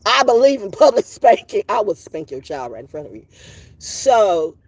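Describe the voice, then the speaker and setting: A woman telling a long story outdoors in a casual vlog monologue, profane and animated, laughing now and then and coughing from allergies. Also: mid-range voice, moderate pace, husky. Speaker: vlogger.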